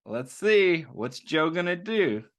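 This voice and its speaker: A man hosting a children's story time, reading a picture book aloud and asking the kids gentle questions as he goes. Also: fairly high pitch, big pitch swings, slow pace.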